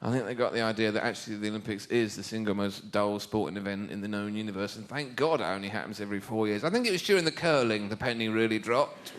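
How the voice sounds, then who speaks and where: A man with an English accent performing a stand-up routine on a theatre stage, breaking into shouted mock outbursts. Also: on the low side, quick pace, hardly any pauses. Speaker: stand-up comedian. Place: theatre stage with live audience. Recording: live show recording with audience noise.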